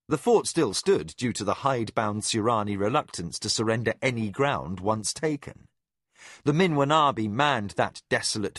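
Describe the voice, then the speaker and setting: A man reading a fantasy novel aloud in measured, expressive scripted narration. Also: fairly low pitch, no echo, studio quality. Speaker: audiobook narrator.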